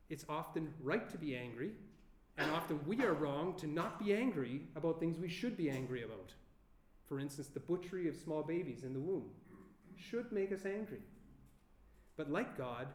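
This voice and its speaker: Male preacher, fairly high voice, earnest and emphatic, recorded in a roomy hall. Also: darkish tone. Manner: earnest, rhetorical questions, slow emphatic pauses. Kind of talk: sermon. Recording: echoey room.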